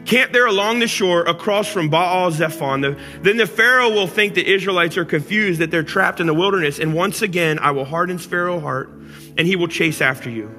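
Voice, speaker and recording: Man, pastor, sermon, high-pitched, swings loud to soft, echoey church hall, faint music. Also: fairly quick. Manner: animated, acts out angry complaints to God then drops to soft intimate tones. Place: church auditorium.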